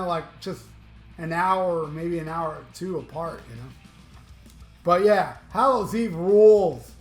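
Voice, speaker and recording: A high-voiced middle-aged man from Florida rambles with excitement about his albums, swearing as he goes. He sounds like he's in an echoey room, with faint guitar music behind him. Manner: rambling, enthusiastic, swears freely. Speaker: music vlogger. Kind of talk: casual chat.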